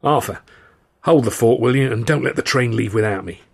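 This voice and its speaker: A man's voice: mid-range voice, a little fast, slightly rough. A man voicing a harried middle-aged male company manager who talks in anxious, breathless pleas.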